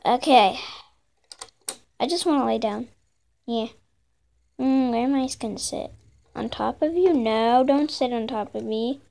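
A woman's voice: a little high, measured pace, creaky, long pauses, mellow. A woman improvising a playful, bickering skit, voicing a group of plush toys herself. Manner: playful, bickering, childlike banter.

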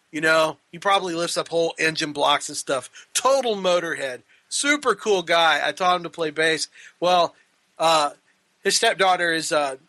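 High bright-voiced joking male co-host. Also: dry recording. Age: older. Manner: joking, teasing, put-on Scottish accent. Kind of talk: casual podcast banter.

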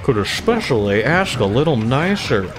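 A man giving casual, profane, excitable commentary while playing a video game. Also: mid-range voice, moderate pace, background noise. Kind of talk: casual let's-play commentary. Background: game soundtrack and sound effects.

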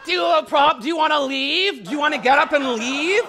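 A woman's voice: sits high, quick pace. Brash Canadian drag queen doing stand-up. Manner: brash, crude punchlines, teasing the audience. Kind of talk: stand-up comedy set. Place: stage before a live audience. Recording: loud live crowd and noise.

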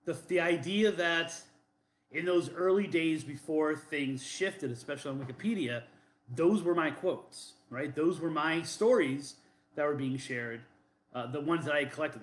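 Male co-host from Boston, rambling and defensive, lots of fillers, roomy echo. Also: fairly high pitch. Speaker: podcast co-host. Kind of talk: casual chat.

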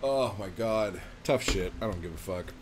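A man's voice: sits low, animated, moderate pace, a little hiss or hum. A man hosting a podcast, ranting casually with lots of swearing and self-mocking asides. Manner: profane, emphatic, self-mocking. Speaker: podcast host.

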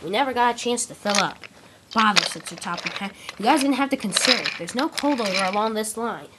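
A woman reading a train story aloud, with lively character lines between plainer narration. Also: mid-range voice, brisk, heavy background noise. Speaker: storyteller reading all parts. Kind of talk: amateur read-aloud storytelling of a train tale.

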